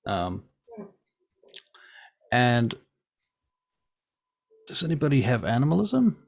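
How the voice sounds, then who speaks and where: A man's voice: medium pitch, sing-song, slow pace, vocal fry. A man, running a tabletop game as game master in a casual, playful way. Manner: casual, playful, with filler words.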